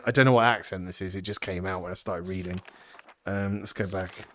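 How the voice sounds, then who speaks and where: A man hosting a VR puzzle game playthrough, chatting excitedly to viewers as he explores. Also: fairly low pitch, normal speed. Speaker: gaming channel host.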